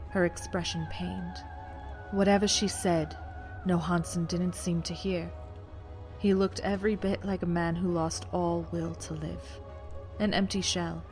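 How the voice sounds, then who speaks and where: Man narrating a dark audiobook. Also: high-pitched. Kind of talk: scripted narration.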